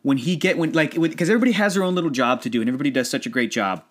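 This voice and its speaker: Rambling, animated man chatting about movies. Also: fairly high pitch, rapid-fire. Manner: rambling, animated, laughs often. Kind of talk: casual movie chat.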